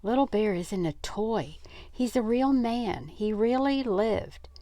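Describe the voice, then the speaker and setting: A woman's voice: on the high side, slow pace, dark tone, dry recording, voice pushed up. A woman voicing an earnest, secretive boy who explains things urgently.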